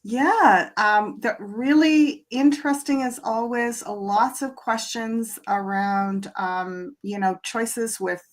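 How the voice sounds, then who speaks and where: A woman's voice: fairly high pitch, takes it slowly, few pauses. A middle-aged woman co-hosting a casual spiritual chat show, enthusiastic and rambling with fillers. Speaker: co-host and reader.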